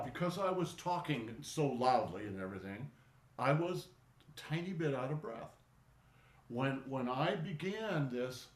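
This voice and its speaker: Guy teaching qigong online, laid back and chatty, voice goes up and down a lot, kinda echoey room. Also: mid-range voice. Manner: relaxed, conversational teaching with stops and restarts. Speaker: qigong instructor. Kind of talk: online class instruction. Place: indoor studio for online class. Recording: roomy echo.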